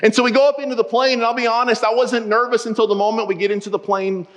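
A pastor with a notably high, fast voice preaches in a church auditorium, every line trailing the long reverb of a big hall. His sermon weaves humorous personal stories, and he often turns to the congregation, keeping it lively and direct.

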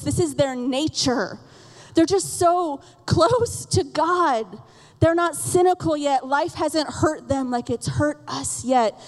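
A woman in her thirties delivers a sermon on a stage mic. Her voice sits high, and the sound carries a long church-hall reverb. She talks candidly and with self-deprecating humor, breaking into laughs now and then. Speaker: pastor. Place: church auditorium.

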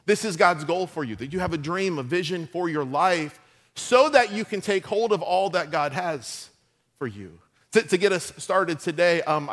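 A middle-aged man preaching a sermon as pastor, telling funny stories with lively asides to the congregation. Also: high-pitched.

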